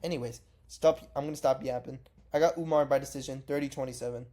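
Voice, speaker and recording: A man's voice: mid-range voice, fairly even intonation, fast talker, mellow. A man casually giving his takes in a vlog, rambling, cursing and correcting himself mid-sentence. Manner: rambling, profane, self-correcting. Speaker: MMA reaction vlogger.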